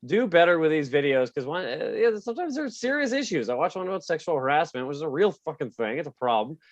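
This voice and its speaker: A man's voice: a little high, very animated, fast, no room sound, dull audio. A man doing a stand-up comedy set on a club stage, self-deprecating and laughing at his own jokes. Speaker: stand-up comic.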